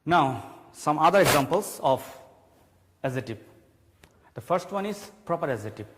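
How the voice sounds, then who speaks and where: A man teaching a televised grammar class, explaining slowly and repeating key points. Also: on the high side, expressive, slight background noise. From Bangladesh. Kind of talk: televised classroom English lesson. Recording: long hall reverb.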